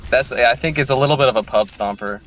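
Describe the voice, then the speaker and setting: A man's voice: medium pitch, fast, a bit bright, a little hiss or hum, rough recording. A man being coached, talking casually and hesitantly, filling his speech with "like". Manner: hesitant, lots of "like". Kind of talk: casual chat.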